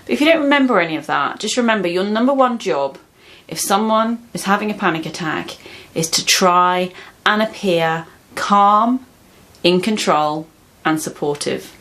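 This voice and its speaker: A woman explaining calmly and reassuringly how to support someone through a panic attack. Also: mid-range voice, normal speed. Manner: calm, reassuring, practical. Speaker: mental health educator. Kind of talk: explaining advice to camera.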